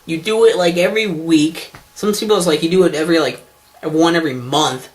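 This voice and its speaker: A man's voice: fairly high pitch, a little fast. A man hosting his own online show, talking to camera in a rambling, sarcastic, self-deprecating way, swearing often, with lots of ums and restarts. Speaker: vlogger, show host.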